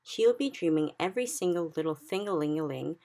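A woman reading aloud gives voice to a big, kindly male giant from a storybook, talking in muddled grammar and made-up words. The voice sits low with a gravelly edge. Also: animated, a little fast, dark tone. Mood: gentle.

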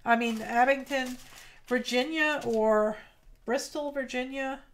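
A woman chats her way through a crafting livestream from her home studio, slightly high in pitch. She speaks in an unhurried, halting way and reads viewers' comments aloud between thoughts. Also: slight background noise. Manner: slow, halting and heartfelt, reading chat aloud. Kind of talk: casual livestream chat while crafting.

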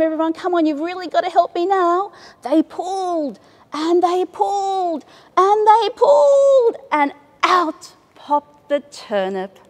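A woman with an Australian accent hosting a library storytime, reading to young children in a playful, drawn-out way. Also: medium pitch, big-room sound.

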